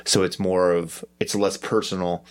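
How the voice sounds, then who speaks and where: A man with a lowish voice co-hosts a casual tabletop-gaming podcast. He rambles and hedges, circles back on his own points and pokes fun at himself, then slips into a brisk sign-off. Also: flat delivery, clear, resonant tone. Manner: rambling, hesitant, self-deprecating. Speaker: podcast co-host.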